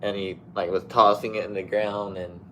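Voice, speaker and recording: A man's voice: lowish voice, level tone, moderate pace, slight background noise, rough recording. A man co-hosting a podcast, chatting casually and closing out the episode. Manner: reacts with loud groans and wrap-up remarks. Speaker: podcast co-host. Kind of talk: casual chat. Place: podcast studio.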